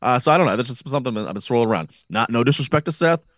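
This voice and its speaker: A man's voice: medium pitch, expressive, rapid-fire, fairly bright tone, no room sound, studio quality. A man co-hosting a wrestling podcast, thinking aloud in casual chat with frequent restarts. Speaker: podcast co-host.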